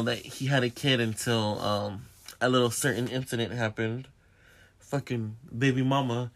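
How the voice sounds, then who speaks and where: A young man with a sharp, bright tone chats casually to his viewers. He tells his story candidly and animatedly, with plenty of cursing. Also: mid-range voice. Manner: profane, candid and animated, talks straight to viewers. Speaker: vlogger.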